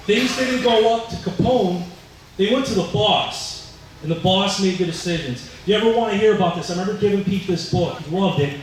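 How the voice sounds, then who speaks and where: A firefighter with a fairly high voice tells firehouse stories at a dedication, acting out the other people's voices as he goes. The sound comes from far off in a very echoey hall, with faint noise underneath. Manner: storytelling, acting out voices in quotes. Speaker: firefighter giving a dedication speech. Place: large indoor room at a fire training center.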